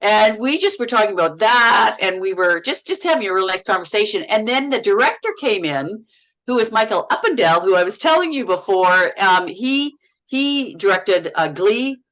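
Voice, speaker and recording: A middle-aged woman from Canada, an actress and podcast guest, telling on-set stories in a lively, laughing way, often repeating words as she goes. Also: mid-range voice, moderate pace, rough recording. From Canada, Manitoba. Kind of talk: casual interview chat.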